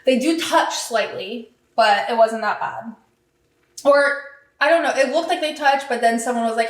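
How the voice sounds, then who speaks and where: A woman with a slightly high voice gives a chatty, excitable podcast recap, tossing in "like" and "um" constantly. Her voice rings in a roomy, echoey space. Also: moderate pace. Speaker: podcast host. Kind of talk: casual race recap.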